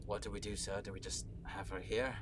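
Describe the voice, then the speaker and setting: A man's voice: on the low side, level tone, a little fast, natural voice. A man voicing a formal, deferential construct soldier guard in a tabletop game. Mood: unsure. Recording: clear background noise.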